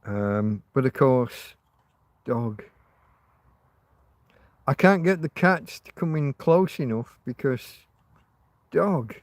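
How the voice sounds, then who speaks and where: A man's voice: medium pitch, lively intonation, slow, long pauses, dry recording. A man hosting a casual livestream, rambling and chatting to his viewers with frequent restarts. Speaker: livestream host.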